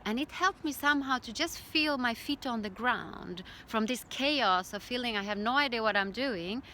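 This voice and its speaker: A middle-aged woman telling her own story as a birth educator, in a calm, reflective way. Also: fairly high pitch, moderate pace, a little hiss or hum. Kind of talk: personal storytelling.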